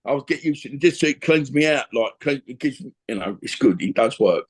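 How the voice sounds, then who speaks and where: A man's voice: mid-range voice, expressive, a little fast, husky. An older man, a former boxer telling a blunt, emotional story on a video call, restarting his sentences often. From England. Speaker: interview guest, former boxer.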